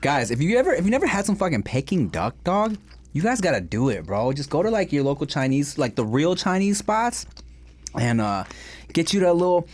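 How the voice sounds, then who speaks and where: A man's voice: a little high, big pitch swings, brisk. A man in his thirties co-hosting a casual food podcast, laid-back and slangy, swearing freely. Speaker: podcast co-host. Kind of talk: casual chat.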